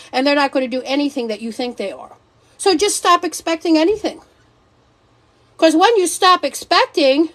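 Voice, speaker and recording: Blunt, sassy high-voiced woman live-streaming. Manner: blunt, sassy and preachy, mild profanity. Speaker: wellness livestream host. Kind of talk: live stream chat with viewers.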